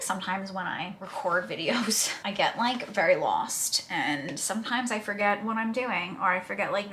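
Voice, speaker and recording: Woman, beauty vlogger, bright clear tone, chatty, casual tutorial talk, faint room hum. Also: medium pitch. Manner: chatty and self-deprecating, narrating each step aloud. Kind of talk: casual makeup tutorial chat.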